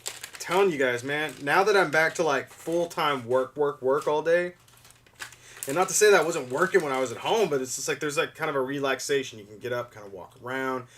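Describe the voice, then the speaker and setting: A man in his thirties hosts a casual livestream repairing figures, rambling as he explains the hands-on steps. His voice is on the high side, brisk and fairly bright, a bit far from the mic, with slight background noise.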